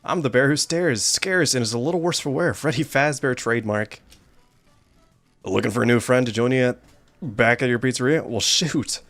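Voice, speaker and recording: A man voicing a friendly, worn-down animatronic bear figure in a video game, delivering a bouncy sales pitch in rhyme. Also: normal speed, a bit bright, soft background music, close to an everyday voice. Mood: chummy. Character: chummy singsong animatronic bear, male, worn down.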